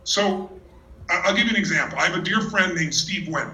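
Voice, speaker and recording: A man speaks from the stage in a large hall, his voice ringing with reverb and heard from some distance. His delivery is energetic and emphatic, the manner of a motivational speaker holding a crowd. The tone is bright and forceful, set fairly high. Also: brisk. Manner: energetic storyteller, teasing and emphatic. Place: large hall with a live audience. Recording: echoey hall from far off.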